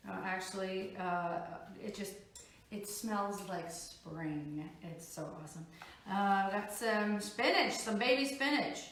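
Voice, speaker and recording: A woman's voice: medium pitch, unhurried, recorded from a distance, a little hiss or hum. A woman from Minnesota with a Minnesotan accent, hosting a casual cooking demo in her kitchen, chatty and upbeat with lots of fillers. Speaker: cooking show host. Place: home kitchen. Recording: echoey room from off-mic.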